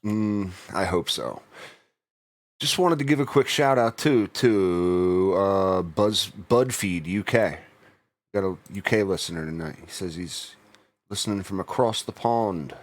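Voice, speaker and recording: A man's voice: low-pitched, a little slow. A man co-hosting a podcast in laid-back casual chat, laughing often. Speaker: podcast co-host.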